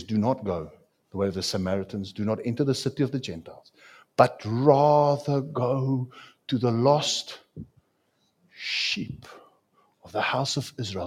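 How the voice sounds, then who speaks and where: A man preaching a sermon as a pastor, with dramatic swings in pitch and loudness. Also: slightly rough.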